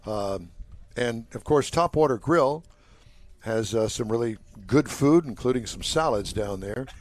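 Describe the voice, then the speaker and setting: An older man hosts a live show from a waterfront car event, chatting and joking easily with the others at his table. His voice sits at an ordinary pitch and sounds dry and close to the mic. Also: expressive, measured pace, no room sound. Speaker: host. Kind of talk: live radio-style talk show.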